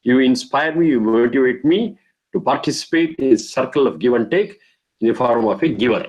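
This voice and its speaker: A man in middle age gives a patient lecture on Vedic mantras. He repeats key ideas again and again and chants the verses slowly, one syllable at a time. His voice sits at an ordinary pitch for a man. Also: animated, darkish tone, highs cut off. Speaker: Vedic teacher.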